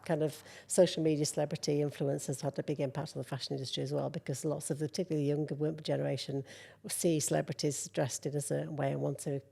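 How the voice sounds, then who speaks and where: A woman's voice: low voice, quick pace, creaky, slightly rough. A middle-aged woman, a model, speaking candidly as a guest in a conversational interview. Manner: candid, animated storyteller.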